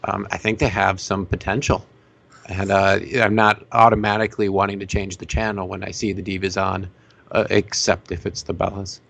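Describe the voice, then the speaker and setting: A man on a podcast panel, talking in a wry, casual way. His voice sits low and has a gravelly fry to it. He often stops and restarts his sentences. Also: level tone, normal speed, fairly bright tone.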